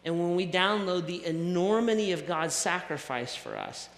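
Male pastor, somewhat high, bright voice, conversational preaching, church hall with long reverb. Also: big pitch swings, moderate pace. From American South. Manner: conversational, self-deprecating preaching with repetitions. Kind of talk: sermon. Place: church sanctuary.

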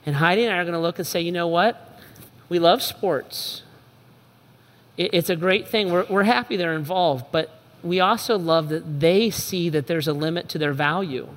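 A middle-aged man preaching a sermon as a pastor, telling family stories and acting out the voices of his kids, swinging from shouting down to soft and low. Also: in a large hall.

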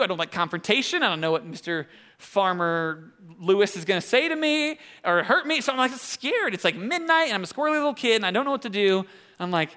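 A man's voice: high voice, sharp tone. A young adult man giving a sermon, a pastor who tells a self-deprecating personal story to make his point.

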